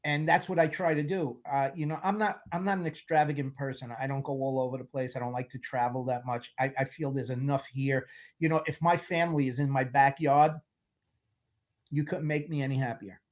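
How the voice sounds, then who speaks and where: A man's voice: mid-range voice, steady tone, fairly quick. A man in his sixties, a film producer as a guest, talking in a candid, rambling way and telling stories with wry humor. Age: 60s. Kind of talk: casual interview chat.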